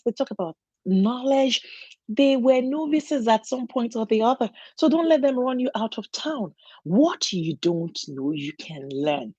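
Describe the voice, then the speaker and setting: A woman speaks in an earnest, encouraging way, giving an inspirational talk and often restarting her sentences. Her voice is husky and a little breathy. The recording is dry and close, with a dull, muffled lo-fi sound. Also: medium pitch, warm tone, no echo. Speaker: motivational speaker.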